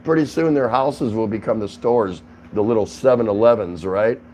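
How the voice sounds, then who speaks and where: A man with a fairly low voice chats casually with his livestream audience from home. He greets viewers by name, reacts to their comments and laughs easily as he talks. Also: normal speed, mellow, slight background noise, poor audio. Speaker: livestream host.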